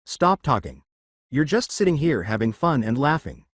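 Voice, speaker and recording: A man's voice: medium pitch, sing-song, normal speed, slightly rough, no room sound, studio quality. A man voicing an angry, resentful young boy who rants at everyone. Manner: ranting, resentful.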